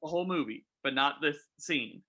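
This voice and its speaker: A man co-hosting a podcast, chatting casually while reviewing a movie and firing off animated questions. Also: a little high. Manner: animated, rapid-fire questions, quotes own reactions. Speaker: podcast co-host.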